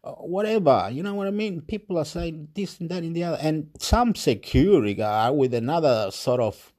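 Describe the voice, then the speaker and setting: Here the ranting man's voice sits on the high side, a little mellow, with lively intonation at a moderate pace. His monologue wanders, agitated and exasperated, looping back on itself, tripping over words and broken by occasional laughs.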